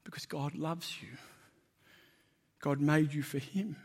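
A man preaches a sermon to his congregation in a conversational but emphatic way. He puts questions to the listeners and leans into his points. His voice sits a little higher than most men's. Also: slow, darkish tone.

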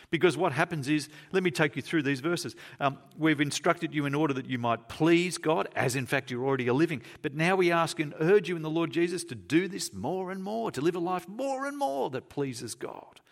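A man preaching a sermon in a church, emphatic, repeating key phrases and slowing down to stress them. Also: fairly high pitch, fairly bright tone.

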